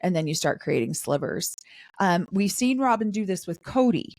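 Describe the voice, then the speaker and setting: Chatty woman recapping, low voice. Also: expressive, darkish tone, no echo. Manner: chatty, quotes the cast in quick asides. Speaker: podcast co-host. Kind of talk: casual recap chat.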